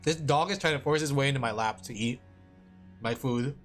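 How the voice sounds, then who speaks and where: A woman streamer chatting casually and rambling with lots of fillers, excitable and quick to laugh. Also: a bass voice, soft background music. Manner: excitable, breaks into laughs and shouts. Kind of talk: casual live-stream chat.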